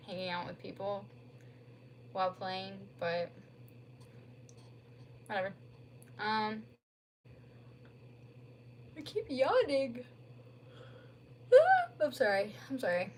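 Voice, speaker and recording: This streamer, a young woman at home, chats into her phone in a rambling way, her speech full of "like". Her medium-pitched voice is a bit bright, and a little hiss or hum can be heard.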